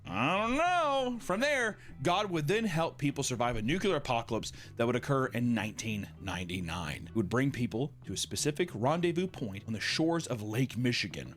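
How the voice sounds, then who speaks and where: A man streaming, reading a story aloud with sarcastic, jokey asides. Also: a little high. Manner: sarcastic, animated. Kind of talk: scripted narration with jokey asides.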